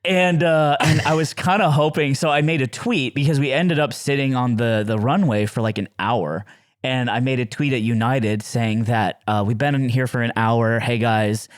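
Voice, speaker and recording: A man's voice: mid-range voice, moderate pace, no echo, clean studio sound. A young man and podcast co-host telling a story in casual chat, laughing often and acting out what people said. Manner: animated, laughs often, acts out quotes.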